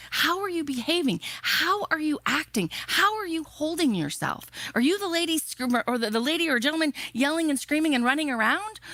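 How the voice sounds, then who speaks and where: Emphatic, lively woman giving a keynote. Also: high voice, no room sound. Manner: energetic, emphatic, repeating rhetorical questions. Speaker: keynote speaker. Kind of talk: motivational keynote speech.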